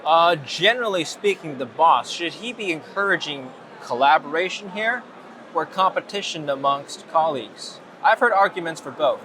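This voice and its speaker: Man, slightly higher voice, direct interview questions, outdoors, traffic sounds. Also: lively intonation, moderate pace, pushed and bright. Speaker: news anchor interviewer.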